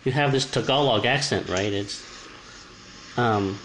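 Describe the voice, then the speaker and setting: A man chatting casually at a middling pitch, hesitant and searching for words, often repeating himself before getting a thought out. A faint hiss sits behind his voice. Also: unhurried, a bit bright, rough recording. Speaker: conversation partner. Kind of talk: casual chat.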